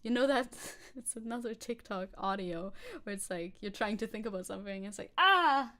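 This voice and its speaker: A woman's voice: mid-range voice, steady tone, brisk. A young woman streaming casually, reading news aloud and reacting with chatty, giggly asides.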